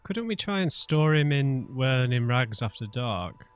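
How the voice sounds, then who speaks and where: A man's voice: mid-range voice, sing-song, normal speed, smooth. A man hosting a let's play, reading the game's choices aloud and reacting with mounting frustration. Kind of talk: gameplay commentary.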